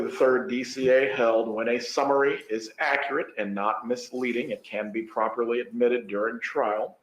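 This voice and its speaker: A male judge delivering a ruling in a courtroom, measured and dry with a wry edge. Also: mid-range voice. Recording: echoey courtroom audio.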